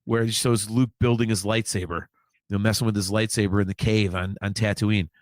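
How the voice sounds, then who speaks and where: A man's voice: lowish voice, fairly even intonation, a little fast, no echo, studio quality. A man co-hosting a podcast, talking in casual chat, rambling and repeating his words as he argues a point. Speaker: podcast co-host.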